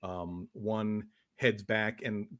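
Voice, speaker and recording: A man narrating as game master of a tabletop horror game, halting with frequent ums and uhs. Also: on the low side, steady tone, a bit bright.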